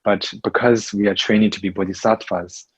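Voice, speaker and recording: A very low-voiced, husky man gives a Buddhist lesson at an unhurried, halting pace, often pausing on fillers and restarting his sentences. The recording sounds dull and dry, with little room around the voice. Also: flat delivery, no echo. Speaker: Buddhist teacher. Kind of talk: Dharma teaching in English.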